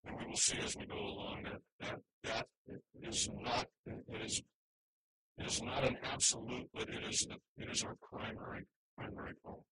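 Male pastor, mid-pitch, bright and forceful tone, emphatic sermon delivery, faint background noise. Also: moderate pace, low-quality recording. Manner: earnest, emphatic preaching with restarts.

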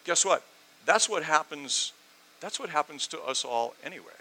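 A man preaching a sermon, animated, swinging from loud emphatic lines to quiet asides, with sarcastic rhetorical questions. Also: fairly high pitch, moderate pace, a little hiss or hum, low-quality recording.

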